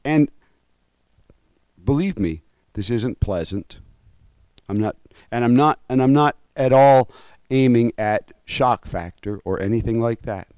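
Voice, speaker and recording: A man's voice: medium pitch, measured pace, a little mellow, clear, resonant tone, no room sound. A male pastor giving a conversational sermon. He is earnest and openly moved, and he often halts, restarts and adds asides.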